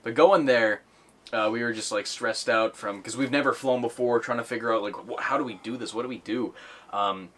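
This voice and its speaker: A man's voice: medium pitch, fairly even intonation, fairly quick, a bit bright, a little hiss or hum. A man hosting a podcast in casual chat, rambling with many fillers and restarts. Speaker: podcast host.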